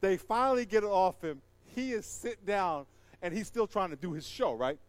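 A man doing stand-up storytelling, animated and acting out the voices in his story while laughing at it himself. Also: high voice, normal speed. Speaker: comedian.

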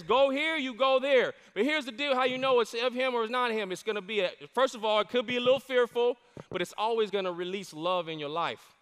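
A man preaching a sermon as a campus pastor, animated and repeating his key lines for emphasis. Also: high voice. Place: church stage. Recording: long hall reverb in a church.

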